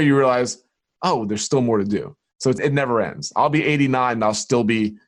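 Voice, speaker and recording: Man from new york, podcast guest, talks fast and tells stories with lots of acted-out dialogue. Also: medium pitch. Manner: animated storyteller acting out dialogue. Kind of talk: storytelling interview.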